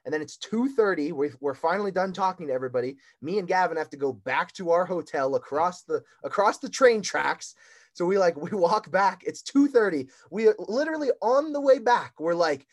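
A young man, a competitive athlete and guest, chatting casually, telling stories excitedly with frequent laughs. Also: on the high side, a little fast. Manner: excitable storyteller who laughs often. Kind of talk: casual chat.

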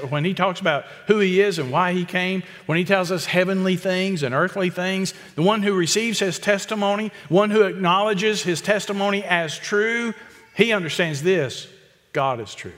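A man preaching an expository sermon, emphatic and repetitive, with quick asides to the congregation. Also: high voice, a bit bright, in a large hall. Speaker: pastor.

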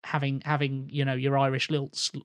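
A man's voice: medium pitch, completely flat delivery, brisk, smooth, dry recording. Articulate man, dry close sound. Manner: articulate, builds long arguments. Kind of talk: casual podcast chat.

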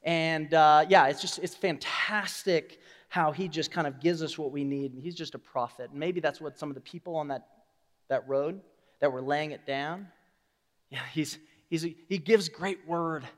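A male pastor preaching a sermon, swinging from quiet asides to loud, emphatic declarations. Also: fairly high pitch, moderate pace, in a large hall.

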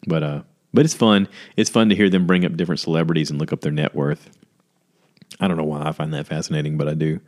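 A man with a very low voice talks through a casual podcast monologue. He rambles from story to story and jumps into high, goofy voices when he quotes people. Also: fairly even intonation, fast, a little mellow. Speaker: podcast host.

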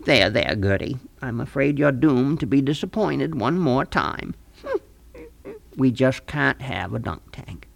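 A man's voice: medium pitch, lively intonation, unhurried, gravelly, exaggerated voice. A man voicing a scheming small-town fellow in a comic radio play, talking in a folksy, wheedling, overly sweet way. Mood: schmoozing.

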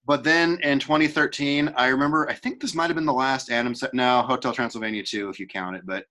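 Young guy with a bright voice, rambly casual chat, keeps restarting his sentences. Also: medium pitch, steady tone, fast talker. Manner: rambling, self-interrupting, frequent restarts. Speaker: podcast co-host.

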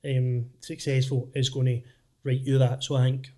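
A man's voice: mid-range voice, flat delivery, moderate pace, a little mellow. A man with a Scottish accent, hosting a podcast conversation, earnest and reassuring, repeating points for emphasis. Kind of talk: candid conversation.

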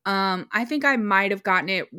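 A woman's voice: mid-range voice, moderate pace, pushed and bright, no room sound, studio quality. A woman co-hosting a podcast from home, chatting in a rambling way and laughing easily. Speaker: podcast co-host. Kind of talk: casual chat.

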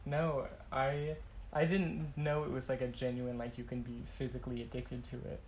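A woman's voice: a bass voice, little pitch movement, normal speed, a little mellow, slight background noise, poor audio. A young woman co-hosting a casual chat, easygoing and answering with short, disbelieving quips. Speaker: podcast co-host.

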